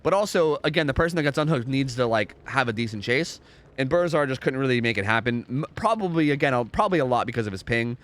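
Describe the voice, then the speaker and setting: A man's voice: mid-range voice, animated, quick pace, a bit bright. A young man casually commentating a game live on stream, rambling, repeating himself and swearing freely.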